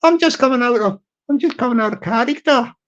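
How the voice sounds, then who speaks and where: A man's voice: very high voice, quick pace, highs cut off. A man doing a put-on Welsh accent, imitating a YouTuber who steps out of character, in a sing-song, apologetic way. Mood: playful.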